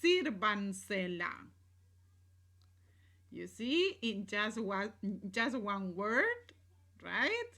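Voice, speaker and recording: Slow, bright-voiced woman teaching grammar. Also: medium pitch, big pitch swings. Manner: explanatory, checks in with "right?" and "¿sí?"; switches between English and Spanish examples. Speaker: Spanish teacher. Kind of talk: recorded grammar lesson.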